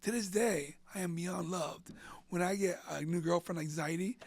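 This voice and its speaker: A man in his fifties, an interview guest telling his personal story in an animated way, often repeating words and acting out what others said. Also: sits high, moderate pace, no echo. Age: 50s. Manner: animated, acts out quoted voices, repeats words.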